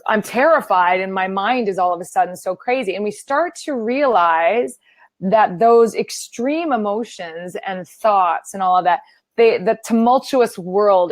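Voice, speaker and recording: A woman's voice: medium pitch, no echo. A woman guest, a yoga teacher, chatting casually and playfully acting out her own inner voice. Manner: animated, self-deprecating, acts out her inner voice. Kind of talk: casual interview chat.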